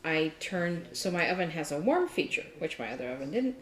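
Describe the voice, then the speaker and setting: A middle-aged woman co-hosting a crafting chat, telling a story with lively acted-out quotes. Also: low-pitched, fairly quick, echoey room. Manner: animated storytelling, acts out quotes. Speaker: crafting podcast co-host. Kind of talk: casual chat.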